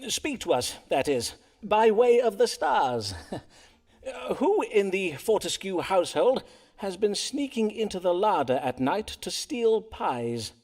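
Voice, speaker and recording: A florid Elizabethan doctor-astrologer. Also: male voice, high-pitched, sing-song, darkish tone, full character voice. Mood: playful. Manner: archaic, florid phrasing with theatrical pauses. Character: Elizabethan male astrologer-physician, pompous and theatrical. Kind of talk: voiced game dialogue in Elizabethan English.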